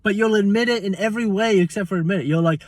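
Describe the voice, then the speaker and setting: A man's voice: sits high, rapid-fire, no room sound, recorded from a distance. A man telling a heated, swearing story about a bad trade at a shop in a casual vlog rant, often mocking the other person's words. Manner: heated, exasperated, swears, quotes people mockingly. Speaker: vlogger.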